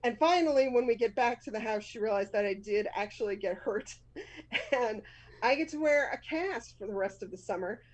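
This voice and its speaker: A woman's voice: fairly high pitch, lively intonation, normal speed, low-quality recording. A woman in her fifties with a Boston accent, hosting a live storytelling show, telling a personal story candidly and laughing often at herself.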